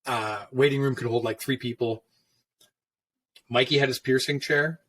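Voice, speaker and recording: Here a middle-aged man who tattoos for a living chats casually about his shop, loose and foul-mouthed, reenacting what customers said. His mid-range voice stays fairly even, moving at normal speed with a fairly bright, slightly rough tone.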